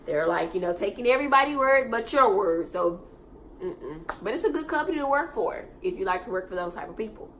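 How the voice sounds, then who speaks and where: A young woman, telling a work story in a casual storytime monologue and swinging between low mutters and loud, profane outbursts. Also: expressive, brisk, slight background noise.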